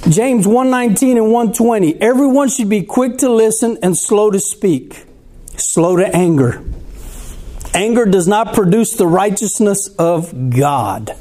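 High-voiced preacher, mellow. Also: male voice, lively intonation, measured pace. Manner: conversational preaching, asks the congregation questions. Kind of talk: sermon.

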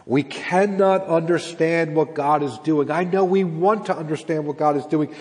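A man preaches a sermon in a slightly high voice, earnest and direct, often asking his listeners rhetorical questions and doubling back on his words. His voice carries a long reverb, as if it were caught in a big church sanctuary. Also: moderate pace, darkish tone. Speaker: pastor. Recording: long reverb of a large hall.

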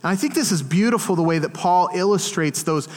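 Animated male pastor in a reverberant church. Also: high-pitched, brisk. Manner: animated storytelling with acted-out quotes. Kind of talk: sermon.

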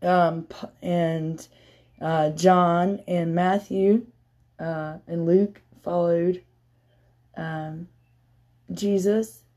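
A woman preaching a sermon, telling a Bible story and building to loud, emphatic peaks. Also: fairly low pitch, fairly even intonation, drawn-out words, pauses often.

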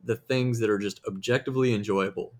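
A man's voice: fairly low pitch, fairly even intonation, fairly quick. Young Southern man, podcast host, casual and rambling. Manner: rambling, jokey, restarts sentences.

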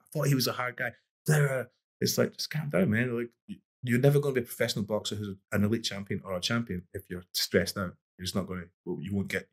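A middle-aged man, a boxing coach and podcast guest, telling stories in an easygoing, rambling way with many restarts. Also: on the low side. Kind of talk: relaxed conversational storytelling.

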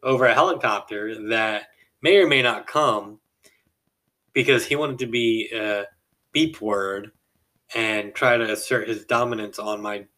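A man's voice: on the low side, measured pace, bright, forceful tone. Man rambling through a casual story. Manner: rambling, chuckles mid-sentence, acts out quoted people. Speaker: podcast host.

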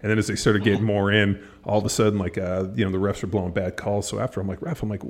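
A man telling stories in a casual chat, animated and swearing freely, acting out what people said. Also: lowish voice, quick pace, few pauses. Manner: animated storytelling, swears a lot, acts out quotes.

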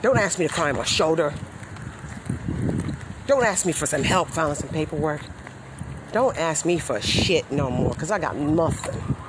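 A woman's voice: sits low, lively intonation, moderate pace, pauses often, noisy background. Woman, 40s, bitter furious rant outdoors by a busy street. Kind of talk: angry rant vlog.

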